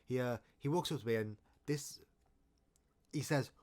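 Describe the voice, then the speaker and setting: A man's voice: medium pitch, a little fast, a little mellow. A man telling a story in a casual, rambling, jokey way, often restarting his sentences. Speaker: storytime vlogger.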